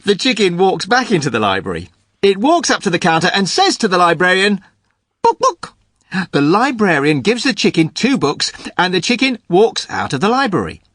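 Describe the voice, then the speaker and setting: A man's voice: high voice, a bit bright, dry recording, clean studio sound, heavily acted. An actor playing an eager, bumbling joke-teller in a scripted podcast, stumbling over his starts. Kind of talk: scripted comic podcast segment.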